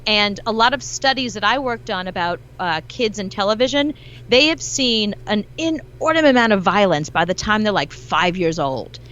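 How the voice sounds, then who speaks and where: A woman's voice: medium pitch, moderate pace, dull audio. A woman as a guest commentator in a casual interview, talking animatedly and acting out quotes as she goes. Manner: animated, acts out quotes in her own telling. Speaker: guest commentator, celebrity journalist.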